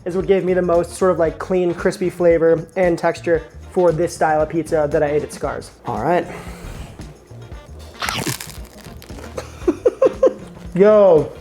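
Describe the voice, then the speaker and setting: Male home-kitchen vlog host, chatty and eager, warm tone, light music bed. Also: on the high side, slow pace, long pauses. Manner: enthusiastic, slangy, chatty. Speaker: cooking show host. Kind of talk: casual cooking vlog.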